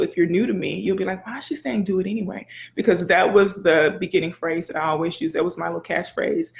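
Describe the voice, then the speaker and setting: A woman in her forties, a blogger and educator, chatting in a lively, preachy, folksy way on a live phone video. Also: lowish voice, creaky. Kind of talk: casual live video chat.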